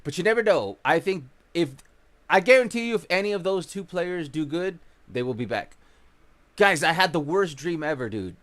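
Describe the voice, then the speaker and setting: A man hosting a gaming livestream in casual chat, chatty and greeting viewers by name, his voice a bit rough from just waking up. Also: on the high side, expressive, normal speed, a bit bright.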